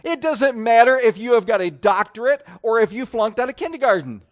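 A man's voice: very high-pitched, lively intonation, brisk. A man preaching a sermon, emphatic and folksy, asking the congregation rhetorical questions.

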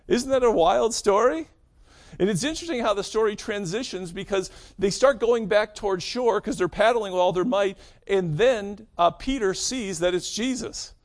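High-voiced conversational preacher. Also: male voice. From northeastern Pennsylvania. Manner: conversational preaching with rhetorical questions and emphatic stresses. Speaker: pastor. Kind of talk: sermon.

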